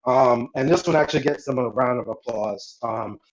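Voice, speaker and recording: A man's voice: medium pitch, moderate pace, muffled recording. A man narrating a tabletop game as game master, loose and rambling with lots of fillers.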